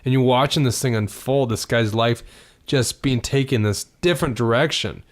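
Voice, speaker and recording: A man's voice: mid-range voice, moderate pace. An American man chatting on a podcast, teasing his co-host with dry jabs and lots of fillers. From United States. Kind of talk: casual podcast chat.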